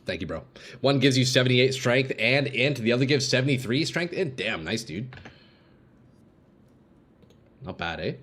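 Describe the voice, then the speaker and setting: A male game streamer talking casually into a desk mic from his home setup. He is mostly relaxed and mid-pitched while he fiddles with his build, then breaks into hyped shouts when he greets viewers. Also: moderate pace, long pauses. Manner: casual and chatty, reads chat aloud, bursts of hype. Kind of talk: live-stream commentary while playing. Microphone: desk streaming microphone.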